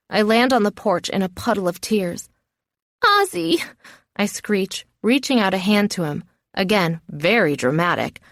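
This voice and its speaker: A woman narrating a first-person audiobook, expressive and dramatic in the heroine's outbursts. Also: mid-range voice, no echo, clean studio sound.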